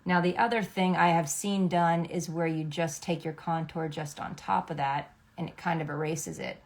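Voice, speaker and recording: A woman's voice: low-pitched, fairly even intonation, normal speed. A middle-aged woman, a makeup artist, explaining a makeup routine step by step in a chatty, instructive way, often checking in with "okay?". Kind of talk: makeup tutorial.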